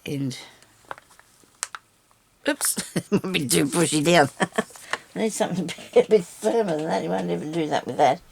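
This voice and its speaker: A woman's voice: lowish voice, moderate pace, creaky, pauses often, a little mellow, slight background noise. A woman chatting casually as she crafts on camera, talking to herself and her viewers and teasing herself with small laughs. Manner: chatty, talks to herself and viewers while working. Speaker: crafter filming a tutorial.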